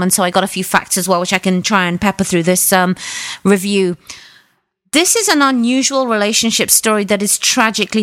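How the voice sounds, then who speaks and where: A woman's voice: medium pitch, fairly bright tone. A woman co-hosting a film podcast, cheerful and blunt in her verdicts. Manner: upbeat, blunt verdicts, laughs easily. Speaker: podcast co-host, film reviewer. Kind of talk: casual chat.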